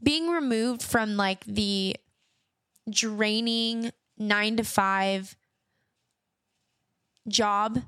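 A woman's voice: fairly high pitch, a bit bright, smooth, dry recording, studio quality. A young adult woman hosting her podcast, speaking earnestly and reassuringly about faith, often repeating phrases. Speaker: podcast host. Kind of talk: personal faith talk to listeners.

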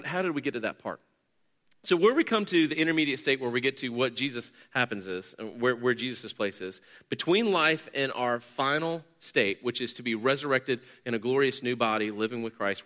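A man's voice: medium pitch, pushed and bright. A man teaching a sermon in an earnest, explanatory way, lifting his voice on key points. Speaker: pastor or teacher.

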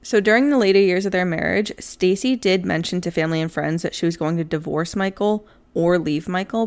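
A young woman with a slightly low voice tells a true crime case to her co-host. Her delivery is chatty and easygoing. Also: vocal fry, darkish tone. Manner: chatty, laid-back, giggles at times. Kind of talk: casual chat, telling a story.

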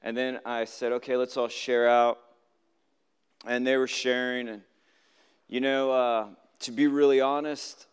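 A man delivers a relaxed, story-driven sermon to a congregation and keeps asking them questions. He slips into the voices of the people in his stories. His voice is smooth and clear, and it rings out in a hall with a long reverb. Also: mid-range voice. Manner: storytelling, acts out quoted voices, asks the audience questions. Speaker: preacher giving a Shabbat teaching.

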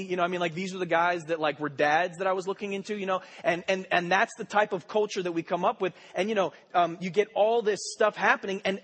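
High-voiced young pastor, rambling and joking. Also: male voice. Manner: rambling, joking storyteller with many fillers. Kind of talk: sermon.

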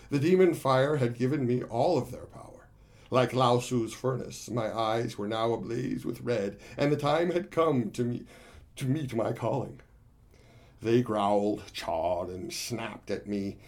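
A man's voice: mid-range voice, darkish tone, close to an everyday voice. A gleeful, boastful monkey warrior, voiced by a man, spinning a tale of his own battle. He talks to his listeners as friends and plainly enjoys his own bragging.

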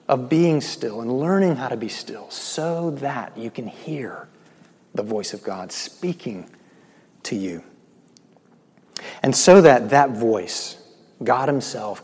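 A male pastor giving a sermon, swinging between loud emphatic lines and slow, hushed, near-whispered ones. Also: medium pitch, animated, breathy edge. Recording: long echo of a large hall.

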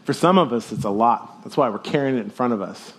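A middle-aged man, a pastor, preaching a sermon in a casual, jokey, conversational way and swinging between loud, high emphasis and quiet asides. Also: lively intonation, fast, slightly rough.

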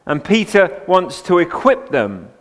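Fairly high-voiced preacher in a reverberant church. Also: male voice, very animated, unhurried. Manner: chatty asides rising to emphatic preaching. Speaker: pastor. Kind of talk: sermon. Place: church sanctuary, at the pulpit. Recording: long church hall reverb.

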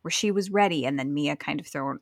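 Woman, from New Jersey, young, low voice, gravelly, dry close sound, chatty author guest. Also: dry recording. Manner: chatty, acts out lines in quick bursts. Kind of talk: casual podcast interview.

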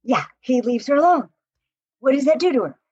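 Husky woman coaching on relationships, animated. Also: high-pitched, brisk, no room sound, lo-fi sound. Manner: animated storytelling, laughs often, acts out quotes. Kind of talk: podcast conversation.

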